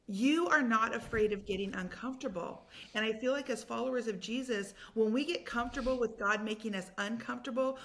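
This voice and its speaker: A woman guest on a faith-based podcast, telling stories in an animated, effusive way. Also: on the high side. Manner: animated storyteller, effusive and enthusiastic. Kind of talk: casual chat.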